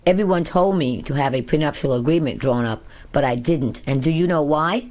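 A woman voicing a furious young husband who shouts accusations and is out of breath. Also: fairly high pitch, brisk, lightly acted. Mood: bitter.

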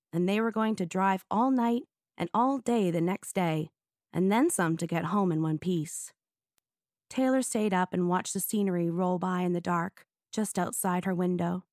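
A woman narrating an audiobook in a clear storytelling manner. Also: fairly low pitch, darkish tone, no room sound, clean studio sound. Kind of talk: scripted narration.

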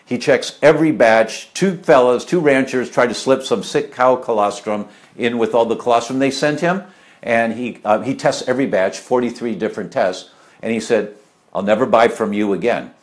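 A man's voice: mid-range voice, normal speed. A middle-aged man talking casually and live about health, rambling with many fillers and asides while answering viewer questions.

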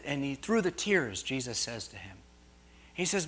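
A middle-aged male pastor preaching to his congregation in a storytelling way. He wanders off on tangents and trades light jokes with the room. His voice climbs high and loud at emotional peaks, then drops to soft, low asides. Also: big pitch swings, normal speed, breathy edge. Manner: storytelling, digressive, swings from quiet to loud. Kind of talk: sermon.

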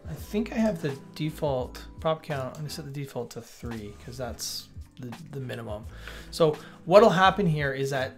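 Gravelly-voiced male dev instructor, casual and self-correcting, over quiet background music. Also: mid-range voice, expressive, normal speed, few pauses. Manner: thinking aloud, self-correcting, chatty asides to the viewer. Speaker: developer teaching coding on a livestream. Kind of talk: casual live coding walkthrough. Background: faint music.

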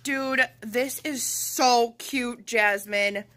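A woman in her thirties, a mother and vlogger, gushing and gasping with excitement as she opens a gift package at home. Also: on the high side, takes it slowly. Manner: gushing, gasping, says "oh my gosh" often. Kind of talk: excited unboxing chat.

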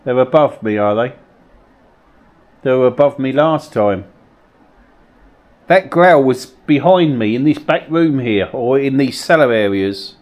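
Lively man calling out to spirits. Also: medium pitch, a little slow, long pauses. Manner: questioning, coaxing, uneasy. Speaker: paranormal investigator host. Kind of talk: ghost-hunt vlog, calling out to spirits. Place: old mill cellar rooms, indoors.

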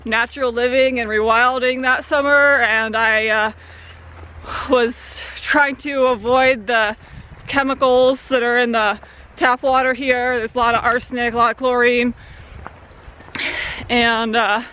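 A woman's voice: fairly high pitch, fairly even intonation, a little slow, sharp tone. A young woman from Central Arizona, talking casually in a rambling vlog by a creek swimming hole, with many fillers. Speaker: vlogger. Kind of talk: casual outdoor vlog talk.

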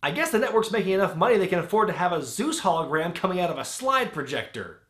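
A man's voice: sits high, very animated, fast, reverberant. Sarcastic man reviewing a movie. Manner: sarcastic, with sudden shouted outbursts. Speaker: wrestling film reviewer. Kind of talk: comedic movie review narration.

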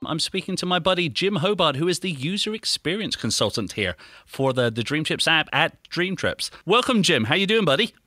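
A man's voice: on the high side, big pitch swings, pushed and bright, dry recording, soft background music. A man co-hosting a podcast, chatting in a friendly, upbeat way with his guests. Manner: upbeat, chatty, quick to agree. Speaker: podcast co-host. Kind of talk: casual podcast chat.

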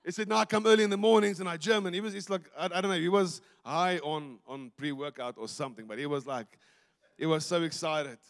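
A South African pastor preaches with a notably high voice, telling his story in a lively way and acting out every exchange. His voice rings with a long reverb through a church hall. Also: fast. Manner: animated, acts out dialogue, breaks into laughter. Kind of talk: storytelling sermon. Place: church stage.

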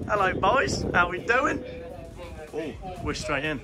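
Chatty young man with a high voice. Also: very animated, takes it slowly, over music. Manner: jokey, chatty, says "boys" to viewers. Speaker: YouTuber vlogging a charity match. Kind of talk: casual vlog to camera. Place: outdoors at a football stadium.

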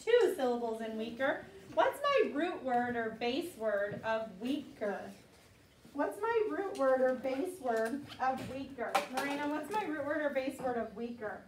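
In a sing-song, measured way, a high-voiced teacher drills children on vocabulary, patiently using call-and-response and repeating each word often. She's an elementary school teacher in a classroom, and the echoey recording places her voice far off, with background noise.

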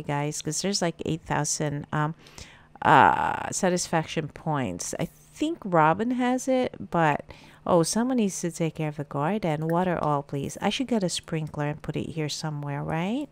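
Low gravelly lady chatting thru her game, lots of ums, talks to the little people on screen. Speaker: gameplay streamer. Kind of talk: casual gameplay commentary.

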